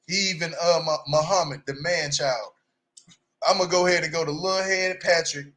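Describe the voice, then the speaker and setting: A man reviewing a reality show in blunt, heated, slangy casual commentary, swinging between loud outbursts and low mutters. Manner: swings loud and quiet, mock-imitates cast members.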